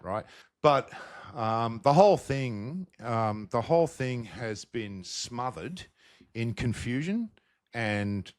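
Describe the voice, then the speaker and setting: An Australian man co-hosting a podcast in casual chat, telling his story with energy and sudden rises in pitch. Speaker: podcast co-host.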